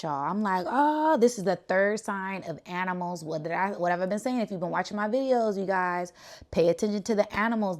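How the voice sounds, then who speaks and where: Animated woman telling spiritual stories. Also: fairly low pitch. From Bay Area, California. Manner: animated, keeps adding "right?". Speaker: spiritual channel host. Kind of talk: casual spiritual storytelling.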